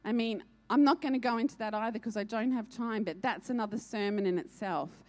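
A woman's voice: fairly high pitch, fairly quick. A woman preaching a sermon, urgent and earnest, repeating key lines for emphasis.

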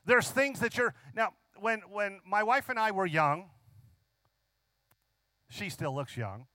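A man preaching a sermon, emphatic, drawing out key phrases slowly and asking the congregation frequent questions. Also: sits high, animated, sharp tone, no room sound.

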